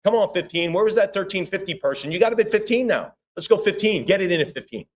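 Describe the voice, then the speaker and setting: A high-pitched, animated man works as auctioneer at a live sale. He calls rising bids in a fast, rhythmic chant, pausing for chatty asides.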